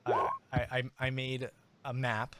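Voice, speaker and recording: A man's voice: mid-range voice, monotone, a bit bright. A man in his thirties running a tabletop game as game master, talking casually and rambling, often stopping to restart his sentences. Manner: rambling, halting, self-interrupting.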